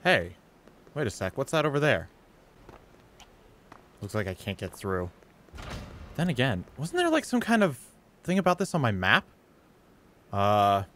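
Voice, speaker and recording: A man streaming a horror game, thinking aloud and breaking into high yells at scares. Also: huge pitch swings, unhurried, long pauses, slight background noise. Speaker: gaming streamer. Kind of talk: live gameplay commentary.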